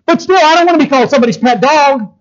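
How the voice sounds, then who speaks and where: A man's voice: extremely high pitch, expressive, rapid-fire, highs cut off. A man preaching a sermon, asking his listeners rhetorical questions and acting out the quotes he reads. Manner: emphatic, rhetorical questions to the audience, acts out quotes.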